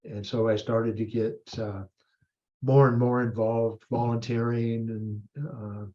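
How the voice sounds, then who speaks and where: Slow, mellow-voiced older man reflecting. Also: medium pitch, level tone, lo-fi sound. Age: 70s. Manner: slow and thoughtful, halting with pauses and self-corrections. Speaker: guest, priest and retired army colonel. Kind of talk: reflective interview talk.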